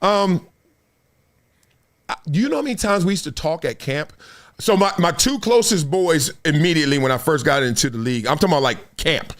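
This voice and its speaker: A man's voice: a little high, a little fast. A man in his fifties hosting a casual sports talk show, slangy and laughing often, acting out stories as he tells them. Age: 50s. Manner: animated storyteller, acts out quotes.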